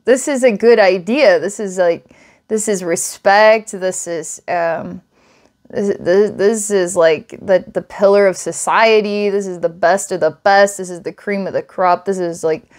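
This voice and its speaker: A woman giving a channeled psychic reading, rambling and giggling often, then dropping to a soft, hushed tone. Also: unhurried. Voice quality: giggly, rambling, frequent laughs and restarts. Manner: lively and emotional, softens to a hushed low tone. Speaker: psychic reader.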